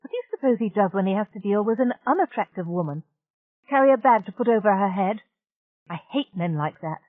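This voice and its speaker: A woman's voice: mid-range voice, animated, a little fast, no echo, voice pushed up, close to an everyday voice. A woman reading an audiobook, voicing a blunt, exasperated young woman who speaks frankly. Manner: frank and irritable. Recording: dry, tinny narrow-band audiobook.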